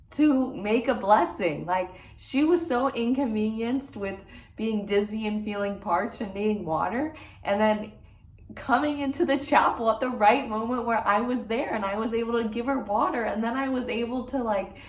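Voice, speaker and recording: A young woman vlogger telling a faith story in a casual, chatty way, full of "like". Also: on the high side. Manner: chatty, lots of "like", excited retelling. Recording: echoey room.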